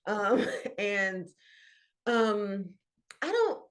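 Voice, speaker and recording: A woman from Atlanta with a Southern US accent co-hosts a casual podcast, telling a story as an animated narrator who laughs often. Her medium-pitched voice draws out words, and a crowd can be heard behind her.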